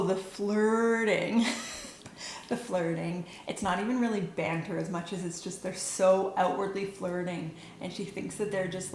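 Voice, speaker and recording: A young woman from Western Canada talks in a relaxed, opinionated vlog style, often laughing and filling her sentences with "like." Her voice sits slightly low. The room gives it a noticeable echo, with a faint hum behind. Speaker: book vlogger. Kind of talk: casual chat.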